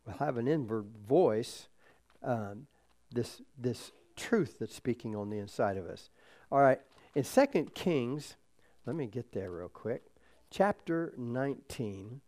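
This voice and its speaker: A man preaching a sermon, reading scripture and leading a prayer, swinging from loud emphasis to quiet asides. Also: mid-range voice. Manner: reads scripture aloud and leads the congregation in prayer. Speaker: pastor.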